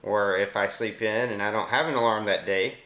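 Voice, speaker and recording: A fairly low-voiced man with a Southern US accent walks through a phone app in a relaxed, explanatory way. He pauses to say voice commands slowly and deliberately. The recording has a roomy echo. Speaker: app demonstrator. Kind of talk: casual screen demo narration.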